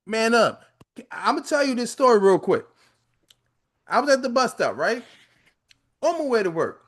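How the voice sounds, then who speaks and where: A man who tells stories in an animated way and agrees readily, talking as a podcast co-host. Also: very high voice, moderate pace. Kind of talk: casual podcast talk.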